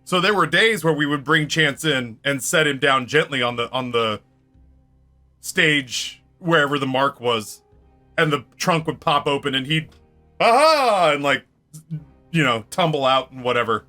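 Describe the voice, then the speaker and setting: Bright-voiced man telling a rowdy story. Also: mid-range voice, moderate pace, faint music behind. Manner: animated, swears freely, laughs often. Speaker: streamer. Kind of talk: casual storytelling during a game stream.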